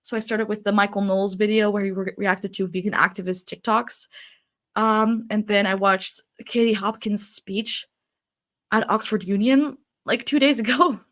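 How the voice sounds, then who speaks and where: A woman live-streaming, chatting loosely and answering her chat as she goes. Her voice is mid-pitched and slightly stuffy from a blocked nose, with frequent fillers and easy laughter. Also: steady tone, moderate pace, fairly bright tone. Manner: chatty, reads chat aloud, laughs often, frequent ums and likes.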